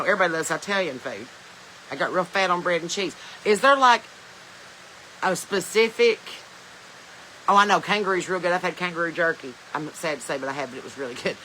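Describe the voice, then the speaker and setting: Bright chatty Southern woman on a phone. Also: on the low side, slight background noise, low-quality recording. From Southern United States. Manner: chatty, rambling, laughs often, reads viewer comments aloud. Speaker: podcast host. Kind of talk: casual live-stream chat. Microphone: smartphone.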